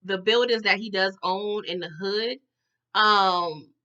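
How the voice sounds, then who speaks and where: A woman giving a chatty, animated recap of a TV episode, often calling her viewers y'all. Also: mid-range voice, slow, dull audio. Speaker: TV recap vlogger.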